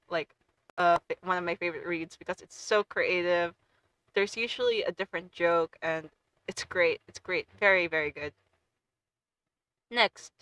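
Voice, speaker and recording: Bright, gushing young-sounding woman streamer. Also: fairly low pitch, no room sound, rough recording. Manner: gushing and excitable, with frequent stumbles and restarts. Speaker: VTuber streamer. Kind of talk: casual stream chat.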